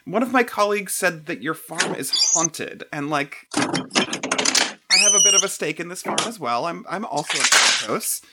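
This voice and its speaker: A man voicing a boisterous aunt who rambles and fires off halting questions. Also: fairly high pitch, lively intonation, heavy background noise, lightly acted. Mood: demanding. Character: boisterous middle-aged aunt, a woman.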